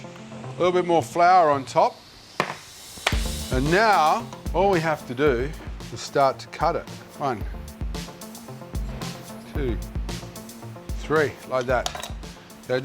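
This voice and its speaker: An Australian man hosting a cooking show, chatting in a friendly, jokey way as he works, on a lapel mic. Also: on the high side. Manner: friendly, jokey, thinks aloud while working. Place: kitchen set.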